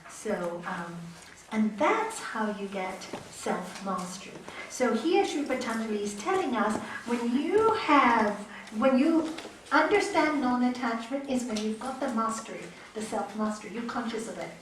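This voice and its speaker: A middle-aged woman teaching a yoga class, animated and repeating her key words for emphasis. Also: on the high side, a little slow, slight background noise. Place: teaching room. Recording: echoey room, mic far off.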